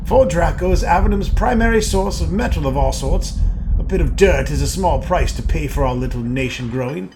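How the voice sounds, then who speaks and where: A friendly barkeep talks easily about his dirty town and its prosperity, as a man puts him on. His voice sits a little high, with faint hiss behind it. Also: lively intonation, fairly quick, creaky. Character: friendly male barkeep in a sooty mining town.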